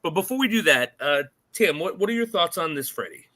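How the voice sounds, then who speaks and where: A man hosts a casual film podcast and steers the talk with enthusiasm. His voice is bright and forceful and sits a little high for a man. He asks his co-hosts for their thoughts. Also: expressive, fairly quick. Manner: enthusiastic, leads the discussion. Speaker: podcast host. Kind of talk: casual chat.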